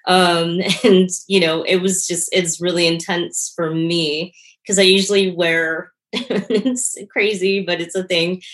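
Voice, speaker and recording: A woman's voice: fairly low pitch, steady tone, takes it slowly. A woman guest in an interview, talking earnestly and reflectively about her work and teaching, often with a light laugh. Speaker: interview guest, performance artist and yoga teacher. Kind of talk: casual interview conversation.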